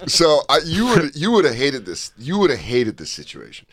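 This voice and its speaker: A man's voice: medium pitch, moderate pace, crowd noise. A man co-hosting a casual comedy talk show, telling a story with lots of energy and acting out the voices in it. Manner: animated, acts out voices in his stories. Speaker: podcast co-host.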